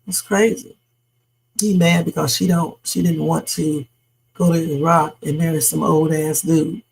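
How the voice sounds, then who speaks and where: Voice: mid-range voice, flat delivery, measured pace, gravelly, darkish tone, slight background noise, rough recording. A livestream host chatting casually about news stories and reading out viewer comments. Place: home streaming setup.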